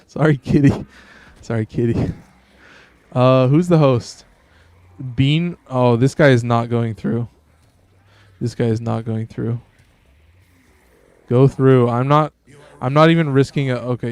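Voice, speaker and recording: A man's voice: medium pitch, darkish tone, clean tone, no room sound. A man giving casual, profane, self-amused commentary while playing a video game. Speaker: gaming streamer.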